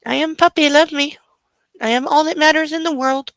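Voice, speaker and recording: A woman's voice: sits high, steady tone, moderate pace, a bit bright, no room sound, voice pushed up. A woman speaking as her own sleepy, spoiled pet puppy in simple, demanding doggy grammar. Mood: smug.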